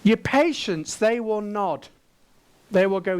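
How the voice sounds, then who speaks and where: A man's voice: sits high, slow pace, smooth. A man from England, giving an interactive keynote talk on a conference stage. He playfully coaxes the audience with questions. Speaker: conference speaker.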